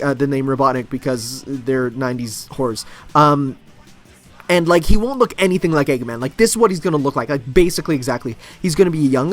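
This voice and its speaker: A young man hosting a web show, delivering a sarcastic, rambling comedy rant packed with fillers. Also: a little high.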